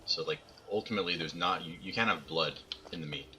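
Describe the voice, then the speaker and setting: A man's voice: sits low, quick pace, background noise. A man streaming a multiplayer game and chatting casually with friends, telling rambling stories full of fillers and the odd swear word. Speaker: streamer playing with others. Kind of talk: casual voice chat banter.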